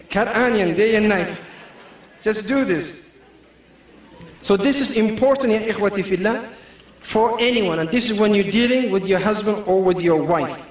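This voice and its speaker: A high-voiced man preaching a lighthearted sermon, full of jokes and small stories, laughing as he talks. The sound is roomy and echoey, picked up from some distance away. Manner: joking, anecdotal, laughs often. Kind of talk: humorous sermon.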